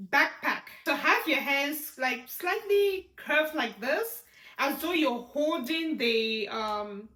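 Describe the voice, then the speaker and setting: Bright high-voiced woman teaching signs. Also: reverberant. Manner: repeats each word slowly, checks in with "yeah?" and "right?". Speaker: sign language teacher. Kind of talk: demonstrating signs in a tutorial.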